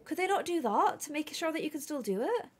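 Woman, gaming streamer, high voice, very animated, chatty. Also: fast talker. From England. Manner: chatty, animated, reads chat aloud. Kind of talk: live gameplay stream chat.

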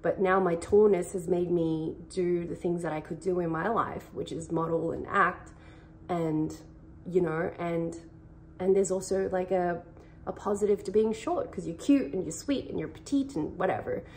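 This is a young woman who speaks in a lower register than most women. She talks casually and earnestly about faith and relationships, rambling from thought to thought and filling gaps with "like" and "you know.". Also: moderate pace, a little mellow, slight background noise. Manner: earnest, rambling, heavy use of "like". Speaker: vlogger. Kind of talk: casual faith-based advice chat.

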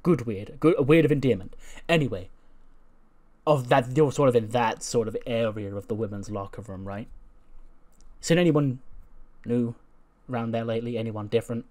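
A man's voice: mid-range voice, moderate pace, pauses often, darkish tone, natural voice. A man voicing an awkward young male wrestler who hesitates and stumbles over words.

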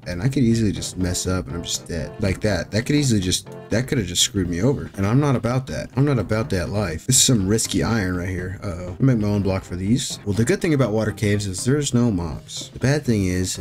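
Excitable young man gaming. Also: lowish voice, fairly quick. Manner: jokey, excitable, yelps at scares. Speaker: gaming YouTuber. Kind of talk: Minecraft commentary. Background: faint music.

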